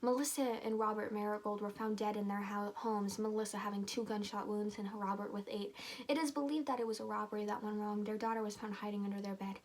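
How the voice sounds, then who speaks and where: A woman's voice: mid-range voice, steady tone, fast. A woman casually reading a story aloud and breaking off for snarky, giggly asides. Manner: snarky, giggly asides, loose slangy delivery. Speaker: YouTuber reading stories aloud. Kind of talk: casual read-aloud with sarcastic commentary.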